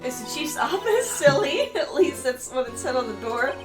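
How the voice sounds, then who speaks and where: Woman reading as a keen teen girl science nerd, lively up and down, bit of music behind. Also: sits high, moderate pace, pitched above the performer's own voice. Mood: eager. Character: eager teenage girl, amateur forensic scientist. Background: game music.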